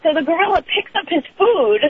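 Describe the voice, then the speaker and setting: A woman in her late twenties calling in to a show and telling a story in an animated, giggly way over the phone. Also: extremely high pitch, a little fast. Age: late 20s. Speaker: caller. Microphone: telephone. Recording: dull phone line with faint hiss.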